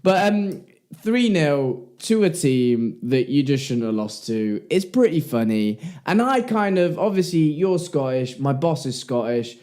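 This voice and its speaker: A man's voice: fairly high pitch, sing-song, a little slow, a little mellow. A man co-hosting a podcast, telling a work story in casual chat and laughing often as he goes. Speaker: podcast co-host.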